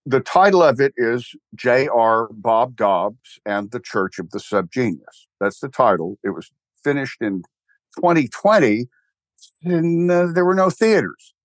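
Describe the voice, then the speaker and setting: A man's voice: medium pitch, lively intonation, a little slow, dry recording. An older man with a Texan accent, rambling wryly in a casual interview chat, full of restarts and fillers. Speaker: guest, church co-founder.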